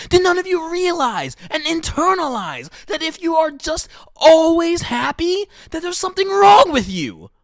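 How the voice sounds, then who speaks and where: A woman's voice: sits high, dry recording. A young adult woman hosting a podcast, delivering an impassioned monologue full of swearing and emphatic ranting. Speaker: podcast host.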